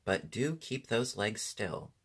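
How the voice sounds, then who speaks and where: A man reading an audiobook, voicing a brisk, bossy young boy who gives orders and shouts commands. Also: on the low side, lively intonation, slightly rough, exaggerated voice.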